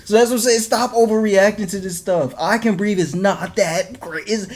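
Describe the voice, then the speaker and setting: A man co-hosting a podcast in casual chat, animated and often laughing, with many restarts. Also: high voice, moderate pace. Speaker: podcast co-host.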